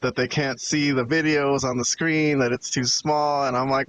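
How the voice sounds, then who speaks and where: A man's voice: medium pitch, level tone, normal speed, few pauses, fairly bright tone, highs cut off, slight background noise. A man hosting a wrestling podcast, chatting casually, rambling and swearing as he vents to his co-hosts. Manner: rambling and profane, venting to co-hosts. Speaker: podcast host. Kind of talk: casual chat.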